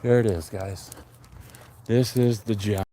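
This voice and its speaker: A man in his forties on a casual live stream, chatting in a relaxed, rambling and enthusiastic way. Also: fairly low pitch, takes it slowly. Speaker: livestream host. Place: outdoors on a neighborhood street. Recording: faint outdoor street noise.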